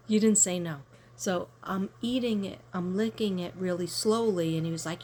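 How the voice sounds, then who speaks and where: Lower-pitched chatty woman telling stories. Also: moderate pace, a little mellow, a little hiss or hum. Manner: rambling, chatty, talks to viewers directly. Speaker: card reader. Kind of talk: casual storytelling to camera.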